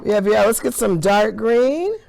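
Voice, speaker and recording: A woman's voice: mid-range voice, animated, normal speed, gravelly, a little mellow. A woman science teacher leading a hands-on classroom demonstration in an enthusiastic, encouraging way.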